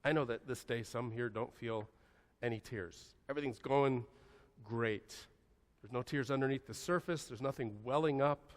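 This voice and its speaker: Male pastor preaching in a church sanctuary, gentle hushed delivery with long pauses, mid-pitched, long reverb. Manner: slow, soft-spoken, with long pauses and dropping to a hushed voice. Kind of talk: sermon. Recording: echoey church hall.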